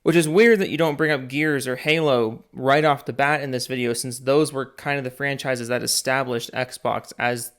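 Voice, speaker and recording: A man's voice: mid-range voice, steady tone, normal speed, few pauses, a bit bright, clear, resonant tone. Guy doing sarcastic reaction commentary, exasperated, not buying any of it. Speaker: reaction video host.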